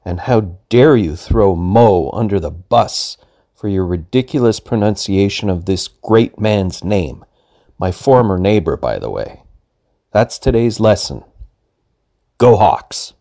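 Caller, male, slow mock-stern voicemail rant, low dark voice. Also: lively intonation. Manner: mock-stern, theatrical scolding. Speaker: caller leaving a voice message.

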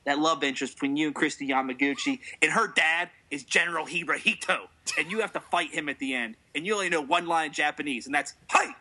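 A man telling laid-back stories with a deadpan delivery. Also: a little high, fast, few pauses. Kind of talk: casual comedic banter.

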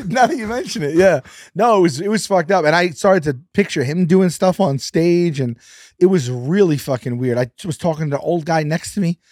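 A man telling a story as a podcast guest, animated, acting out his quotes and sometimes dropping to a whisper. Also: a little high, fairly quick, no echo, clean studio sound. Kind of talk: casual storytelling.

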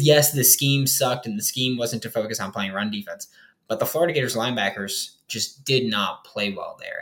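His voice runs lowish and a bit bright as he casually analyzes his football team. The young host meanders through the roster in a loose style, using lots of fillers.

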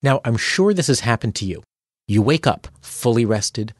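A man's voice: mid-range voice, expressive, normal speed, husky, no room sound, studio quality. A man hosting a tips podcast, reading a script with playful, dramatic asides. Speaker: podcast host.

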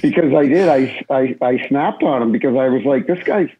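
A middle-aged man, a former referee, recalling games in a halting, rambling way. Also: medium pitch, mellow, slightly rough, lo-fi sound. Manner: rambling, halting, many restarts. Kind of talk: casual chat.

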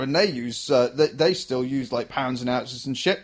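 Sarcastic man, high lively voice. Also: normal speed, hardly any pauses. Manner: blunt, sarcastic, swears freely. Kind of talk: casual sweary chat.

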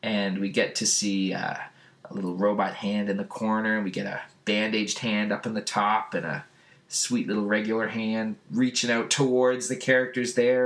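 A man casually recapping a comic book on a podcast, often laughing and jumping into high put-on voices for the characters. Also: little pitch movement, normal speed, fairly bright tone. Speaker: podcast host.

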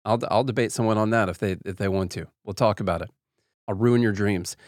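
A man's voice: lowish voice, a little fast, darkish tone, no echo, clean studio sound. Sarcastic, opinionated male podcast host. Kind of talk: casual commentary.

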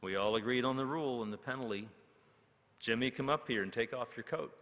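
A man playing a calm young country schoolteacher who speaks in a plain, homespun way. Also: mid-range voice, a little fast, in a large hall, lightly acted.

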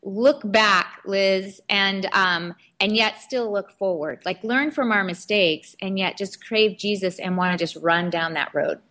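Woman co-host on a radio show, middle pitch, trailing um-filled question. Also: a little slow, hardly any pauses, pushed and bright. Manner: searching, hesitant questions with fillers.

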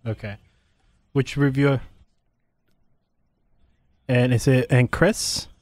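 A man's voice: medium pitch, fairly even intonation, slow, dry recording, clean studio sound. A man co-hosting a podcast, bantering in a playful, sometimes defensive way. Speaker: podcast co-host. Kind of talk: casual banter.

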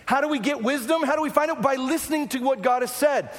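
Male pastor, sermon delivery: high-pitched, animated, playful, with long hall reverb. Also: fast. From Arizona. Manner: animated, humorous, full of rhetorical questions.

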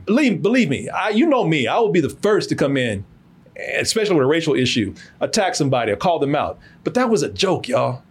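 Podcast co-host, man, relaxed and profane, animated pitch, husky edge. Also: fast. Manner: laid-back, laughs often, curses casually. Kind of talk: casual comedic chat.

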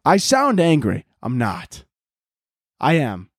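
A man's voice: mid-range voice, wildly swooping pitch, takes it slowly, husky, no room sound, studio quality. A man hosting a comedy podcast, delivering a profane, exasperated comedic rant. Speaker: podcast host. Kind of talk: ranting comedic monologue.

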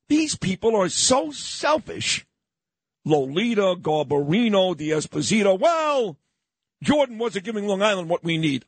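A man hosting a morning talk radio show, loud, combative and ranting. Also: sits high, slightly rough, dry recording. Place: radio studio.

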